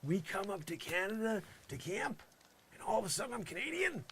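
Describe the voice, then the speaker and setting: A man's voice: sits high, sing-song, fairly quick, a bit bright, a little hiss or hum. A man doing an improvised comedy monologue, rambling with exasperated sarcasm and lots of filler phrases. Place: campsite, pretend outdoors.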